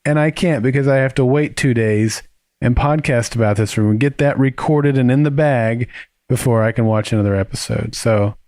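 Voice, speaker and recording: A man's voice: mid-range voice, normal speed, no room sound. A man hosting a podcast, chatting casually and jokily while recapping and reading listener mail. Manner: jokey, animated recapping. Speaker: podcast host.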